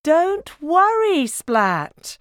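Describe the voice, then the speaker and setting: A woman voicing a gentle, reassuring mother cat in a storybook read-aloud. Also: on the high side, extremely slow, clean tone, no room sound, clean studio sound, voice pushed up. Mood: soothing.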